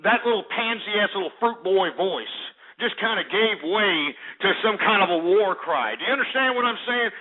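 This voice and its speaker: A man hosting a call-in radio show, ranting in a profane, mocking, bombastic way. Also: high-pitched. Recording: tinny phone-line radio sound.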